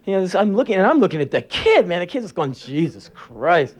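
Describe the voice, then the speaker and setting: A man performs a live spoken word set, spinning profane, sarcastic anecdotes. His voice sits a bit high and leaps all over the place as he tells them. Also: very animated, racing, a little mellow.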